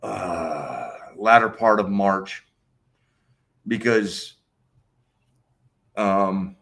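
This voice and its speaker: Halting bright-voiced man co-host. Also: low voice. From United States. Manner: halting, repeats words as he starts sentences. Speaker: co-host of a livestream. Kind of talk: casual livestream chat.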